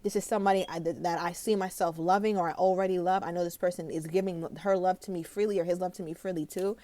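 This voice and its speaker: A woman giving a casual, animated tarot reading, chatty and dramatic, laughing often. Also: fairly low pitch, fast, dry recording. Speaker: tarot reader.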